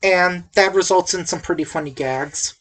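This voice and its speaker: A woman's voice: fairly low pitch, moderate pace, fairly bright tone. A woman hosting a casual podcast, recapping a movie in a rambling, jokey way full of tangents and asides. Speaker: podcast host reviewing a movie. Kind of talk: casual chat.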